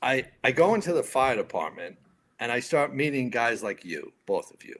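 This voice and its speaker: Animated, profane storyteller man in his 50s. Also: mid-range voice, normal speed. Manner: animated, profane, acts out the people in his stories. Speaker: retired firefighter, podcast guest. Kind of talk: casual storytelling.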